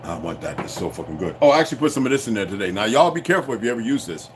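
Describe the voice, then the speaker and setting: Profane ranting man, loud then muttering. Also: on the low side, sing-song, rapid-fire, background noise. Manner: profane, confrontational, swings from shouting to muttering. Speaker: channel host. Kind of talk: unscripted rant to viewers.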